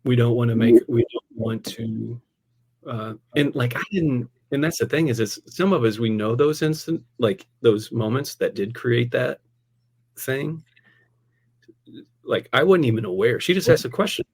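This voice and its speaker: A man who is a pastor, telling a personal story in casual conversation. He is animated, laughs often and fills his speech with "like" and "man". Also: mid-range voice, a little slow, husky. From United States. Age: adult, a parent.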